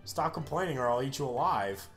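A man's voice: medium pitch, expressive, fairly quick, fairly bright tone, faint music behind, close to an everyday voice. Crude grumpy lion king, a man putting him on, blunt threats, storybook game reading. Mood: gruff.

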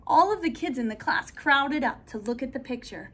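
A woman reading a children's storybook aloud with an expressive, careful delivery. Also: high-pitched, moderate pace, hardly any pauses.

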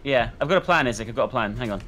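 A player chatting and swearing casually during a co-op game, calling out threats excitedly. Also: medium pitch, racing. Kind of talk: casual gaming chat.

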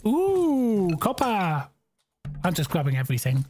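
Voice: mid-range voice, animated, unhurried, a little mellow, soft background music. A game streamer gives bemused live commentary, thinking aloud and exclaiming at what happens.

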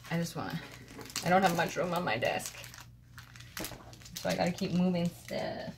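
A woman at her home craft desk chatting casually and excitedly as she shows off mail she received, picked up by a camera on the desk. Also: on the low side, moderate pace, gravelly, background noise. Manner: gushing, excitable, rambling. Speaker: crafting vlogger.

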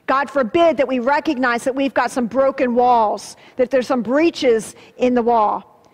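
A woman pastor giving an earnest sermon, swelling with emphasis and dropping low and soft on solemn words. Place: church sanctuary. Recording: long church-hall reverb.

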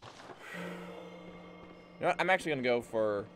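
A young American man streaming a video game, muttering to himself and then breaking into exasperated yells at the screen. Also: mid-range voice, moderate pace, over music. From United States. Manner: excitable, swinging from muttered self-talk to exasperated yelling. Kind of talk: live gameplay commentary.

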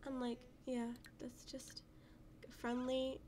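A woman giving casual let's-play commentary, excitable and gushing, cooing over cute animals. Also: mid-range voice, unhurried, a little hiss or hum. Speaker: gaming channel host.

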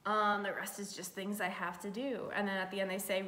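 Bright-voiced young woman vlogging. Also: little pitch movement, brisk, hardly any pauses. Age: young adult. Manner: nervous, filler-heavy chatter. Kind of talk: casual vlog reading college decisions. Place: home room. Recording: echoey room with faint rumble.

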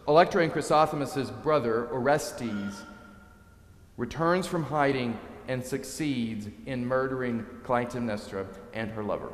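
A male priest preaching a sermon, telling a story in a lively way and acting out the quotes. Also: mid-range voice, a little slow. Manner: animated storyteller, dramatizing quotes. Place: church. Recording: echoey church, long reverb.

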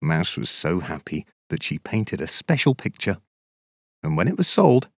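A male narrator reading a children's storybook slowly and with a lively, swinging pitch. His voice sits a little low, and his delivery is measured and sing-song. The recording is dry and close to the mic. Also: no room sound.

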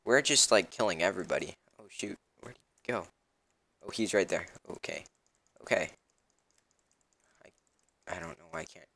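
A man's voice: low voice, animated, normal speed, gravelly, long pauses, bright, forceful tone, no echo. A young man casually commenting on his own gameplay as a channel host, rambling with lots of ums and uhs.

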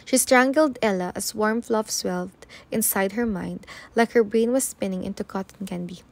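A woman reading a novel aloud in a steady, even narration. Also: mid-range voice, moderate pace, gravelly. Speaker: audiobook reader.

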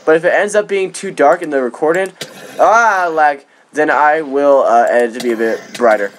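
A man hosting his gaming channel, rambling through casual gameplay commentary with jokey boasts and excited outbursts. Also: a little high, brisk, slight background noise. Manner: rambling with frequent restarts.

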